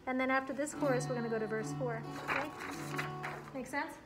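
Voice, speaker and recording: A woman's voice: high voice, steady tone, a little fast. A woman music teacher leading a group guitar lesson over a video call, upbeat and encouraging as she explains strums step by step and counts in. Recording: roomy sound with guitar playing.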